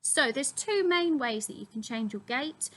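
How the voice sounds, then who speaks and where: A woman's voice: high voice, lively intonation, unhurried, fairly bright tone, poor audio. A young woman, a drama teacher, steadily explaining acting terms to her students with frequent ums. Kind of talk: classroom explainer video.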